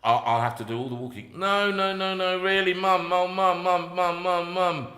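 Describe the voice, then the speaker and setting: A man's voice: high voice, normal speed, bright, forceful tone, echoey room, in a large hall, pitched above the performer's own voice. A man voicing a young child who keeps pleading for a dog, repeating himself over and over. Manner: whiny, repeating itself.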